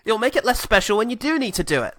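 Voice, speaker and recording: Man, podcast co-host, casual recap chat, sarcastic, bright tone, dry sound. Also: high voice, big pitch swings, no echo. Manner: sarcastic, swears freely, quick asides.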